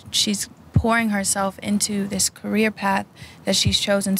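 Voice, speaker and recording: A woman musician speaks earnestly and reflectively. Her voice is gravelly and flat, with faint room ambience behind her. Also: medium pitch, a little hiss or hum. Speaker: musician guest. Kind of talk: casual interview chat.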